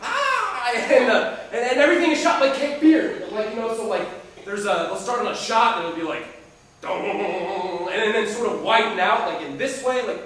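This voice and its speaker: A man in a rambling, halting casual chat, often breaking into laughter. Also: high-pitched, expressive, fairly bright tone. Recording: echoey room from far off.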